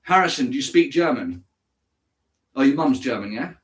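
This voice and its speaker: A man's voice: mid-range voice, lively intonation, moderate pace. A man from England chatting casually on a live stream, answering viewers by name and slipping into German now and then. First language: English. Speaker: livestreamer reading chat.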